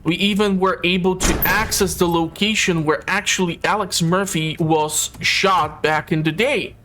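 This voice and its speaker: A man's voice: high-pitched, steady tone, a little slow, noisy background. A man hosting a casual gameplay commentary, chatty and a bit hesitant. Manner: chatty, hesitant, with filler words. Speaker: host. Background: game audio and music.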